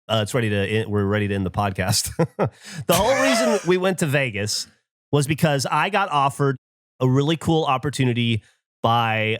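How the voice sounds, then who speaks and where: A man's voice: medium pitch, dry recording, clean studio sound. A man hosting a podcast, telling stories in casual chat and acting out what others said. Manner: animated storyteller, acts out quotes. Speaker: podcast host.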